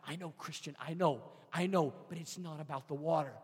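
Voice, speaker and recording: Impassioned high-voiced preacher in a hall. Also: male voice, steady tone, fast, few pauses, slightly rough. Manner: impassioned, swings from shouting to hushed pleading. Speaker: pastor. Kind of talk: sermon.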